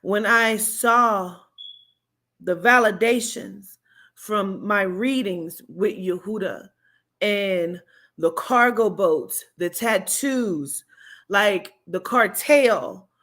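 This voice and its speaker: A woman shares her reaction to a movie in a relaxed, unscripted vlog. She speaks with raw emotion and plain candor. Her talk is full of fillers and the occasional swear word. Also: medium pitch, extremely slow. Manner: emotional, candid, swears freely, many fillers. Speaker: vlogger and spiritual reader. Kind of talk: casual movie recap chat.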